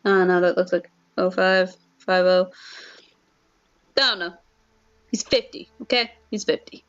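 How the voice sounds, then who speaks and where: A woman's voice: fairly low pitch, steady tone, measured pace. Young female streamer, chatty and self-mocking, lo-fi headset sound. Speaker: game streamer. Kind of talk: casual let's-play commentary and reading.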